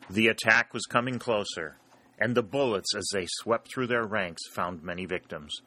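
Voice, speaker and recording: Low, bright-toned male narrator. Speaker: audiobook narrator. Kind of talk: scripted narration.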